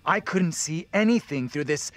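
A dismissive professor. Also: male voice, on the high side, animated, moderate pace, a bit bright, no room sound. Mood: skeptical. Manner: dismissive, curt. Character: skeptical middle-aged male professor, dry and terse.

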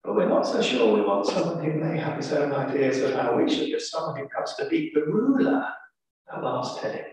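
A man's voice: medium pitch, sing-song, a little fast, a little mellow. A man with an English accent preaching a sermon, telling a story with dramatic emphasis. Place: large church. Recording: echoey church from far off.

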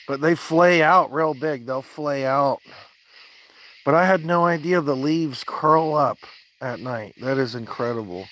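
A man's voice: mid-range voice, fairly bright tone, muffled recording. A man streaming casually from his yard at night, rambling and swearing freely as he chats. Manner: rambling, profane, laughs often. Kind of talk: casual livestream chat.

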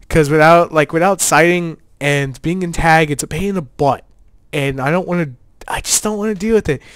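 A man's voice: a little high, clean tone, no room sound. A man giving casual, joking commentary over a card game he played, with laid-back gamer slang. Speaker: player and channel host.

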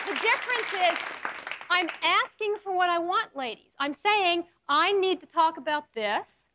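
A woman hosting a studio talk show, coaching her audience in a lively, playful way with acted examples. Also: very high-pitched, very noisy. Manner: animated, coaching, playful role-play demos.

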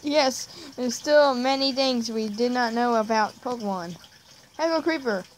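A woman reads game dialogue aloud for a friendly male Pokemon professor who is welcoming and eager, using a plain voice close to her everyday one. Her pitch is a little high and her pace unhurried. The audio is poor, with a bit of hiss or hum.

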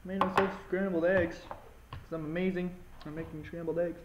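A man's voice: fairly high pitch, flat delivery, moderate pace, highs cut off, slight background noise. A man casually commentating a game at home, chatting and eating with his mouth full, speaking right into a close microphone. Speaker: gaming channel host. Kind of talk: casual let's-play commentary. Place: home, indoors. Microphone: mic pressed right up against his mouth.

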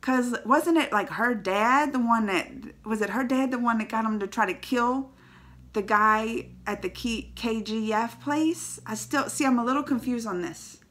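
A woman chatting casually about a film she watched, retelling scenes with lively excitement. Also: a little high, normal speed. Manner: animated, acts out scenes with rising excitement. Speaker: movie reviewer. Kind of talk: casual reaction chat.

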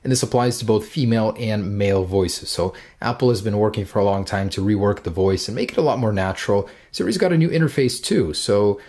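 Chatty guy with a lowish voice, hyped tech review walkthrough. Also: lively intonation, fairly quick, hardly any pauses, a little mellow. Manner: upbeat, chatty, enthusiastic. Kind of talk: casual demo walkthrough.

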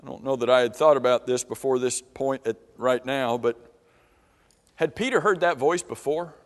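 A man preaching a sermon to a congregation, pausing often to ask them questions. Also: mid-range voice. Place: church auditorium. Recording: long reverb of a church hall.

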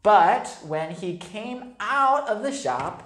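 A woman, an English teacher, reading a picture book aloud to young children, slow and animated, explaining words and adding sound effects. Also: mid-range voice, roomy sound, slight background noise.

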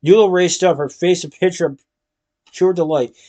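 A man's voice: sits high, fairly even intonation, normal speed, mellow. A man reading a children's novel aloud, with small restarts and lightly changed voices for the characters. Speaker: reader.

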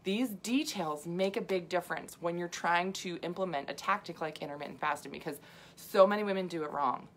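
A woman's voice: on the low side, a little fast. A middle-aged woman health coach talking casually to viewers, chatty and full of asides and fillers, laughing often. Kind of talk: casual livestream talk.

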